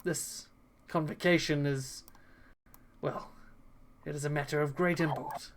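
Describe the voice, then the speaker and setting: A woman voicing a male cult host who speaks in a measured, ominous way. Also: low-pitched, steady tone, a little hiss or hum. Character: smooth male cult host, menacing schemer.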